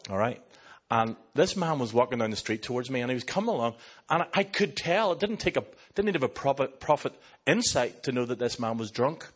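A man with an Irish accent, a pastor preaching a sermon and telling stories in an animated way, slipping into other people's voices. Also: mid-range voice, fairly quick, slightly rough. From Ireland.

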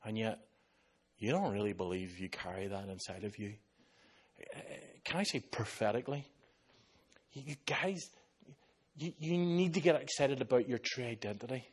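Husky Irish preacher. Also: male voice, medium pitch, moderate pace, pauses often. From Ireland. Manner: animated preacher who tells stories and slips into voices. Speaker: pastor. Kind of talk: sermon.

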